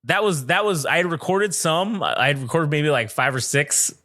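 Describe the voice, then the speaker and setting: A man co-hosting a podcast, telling a story in an animated, profane way and laughing often. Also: fairly high pitch, normal speed. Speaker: podcast co-host. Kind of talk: casual storytelling chat.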